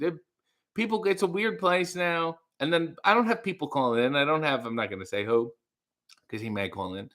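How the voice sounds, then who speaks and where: A man's voice: on the high side, lively intonation, fairly quick, fairly bright tone. A man hosting a casual livestream, reading chat messages aloud, rambling and trailing off into mumbles. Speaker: livestream host.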